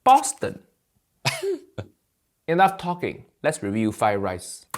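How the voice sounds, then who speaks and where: A loud, teasing middle-aged Malaysian uncle, put on by a man, in comedy-rant mode with broken English. The voice swoops all over the place in a lively sing-song and sits high for a man. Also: takes it slowly, exaggerated voice. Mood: mocking.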